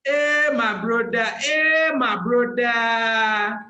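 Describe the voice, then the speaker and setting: A man putting on a loud, bossy Nigerian man. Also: fairly even intonation, reverberant, exaggerated voice. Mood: indignant. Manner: shouting, drawn-out, pitched high.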